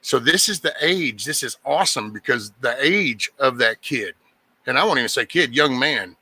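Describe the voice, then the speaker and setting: A man's voice: medium pitch, animated, moderate pace, pushed and bright, husky. A man hosting a casual chat, rambling and restarting his sentences, swearing now and then. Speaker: host.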